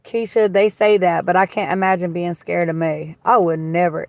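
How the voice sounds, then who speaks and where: A woman's voice: lowish voice, level tone, moderate pace, gravelly, few pauses, darkish tone, no echo. A woman hosting a casual livestream from a car on a phone, chatting bluntly, swearing freely and gossiping while she reads viewer comments. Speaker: livestream host. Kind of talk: casual live-stream chat reading comments. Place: inside a car.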